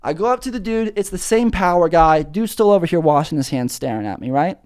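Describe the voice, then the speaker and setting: A young man hosting a podcast, telling rambling comedic stories in a profane, animated way. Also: high-pitched, fairly quick, clean tone. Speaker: podcast host.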